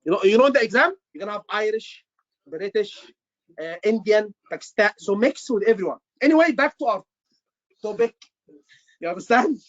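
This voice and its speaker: A man's voice: high voice, expressive, a little fast, a bit bright, no echo, highs cut off. A man tutoring students for a medical exam, emphatic and repeating his words. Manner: emphatic, repeats words, says "brother" often. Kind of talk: online teaching session.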